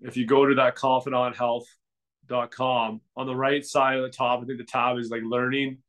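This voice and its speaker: Man co-hosting a podcast, relaxed casual chat, loose and rambling, lots of restarts and fillers, mid-range voice. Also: mid-range voice, normal speed. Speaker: podcast co-host.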